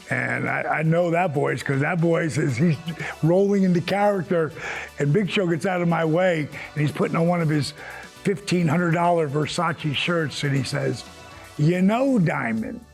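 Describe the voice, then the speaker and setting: A man who is a former wrestler, telling an animated backstage anecdote in an interview. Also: fairly high pitch, normal speed, gravelly, soft background music. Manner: lively storyteller who jumps into other people's voices. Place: yoga studio.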